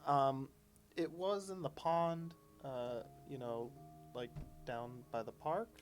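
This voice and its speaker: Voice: medium pitch, slow, soft background music. A player speaking in character at a tabletop game, hesitant and full of ums. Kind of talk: casual in-character play.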